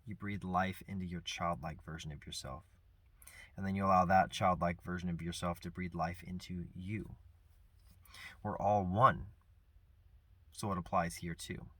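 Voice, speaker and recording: Deep husky guy talking softly and earnestly, dry close sound, lots of thoughtful pauses. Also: fairly even intonation, dry recording. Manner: earnest, soft-spoken, reflective with pauses. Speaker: vlogger sharing personal grief. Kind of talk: reflective personal talk.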